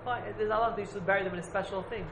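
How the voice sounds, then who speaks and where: A man racing through his explanations teaches a casual Talmud class to a few students, rambling, repeating points and hedging often. His voice sits high with a steady tone. The recording has echo from the room and background noise.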